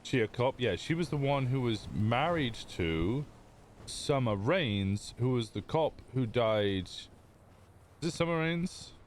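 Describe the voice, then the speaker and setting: Speaking unhurriedly at a medium pitch, this man chats loosely with his stream audience while playing a roleplay game, wandering off topic and cutting himself off. His delivery is expressive, and there's slight hiss or hum on the recording.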